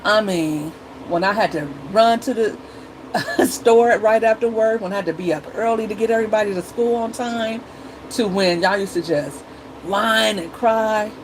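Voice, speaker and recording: A woman's voice: medium pitch, measured pace, slight background noise, poor audio. A middle-aged woman talking casually to her viewers as a mom vlogger, chatty and blunt, acting out her kids and herself.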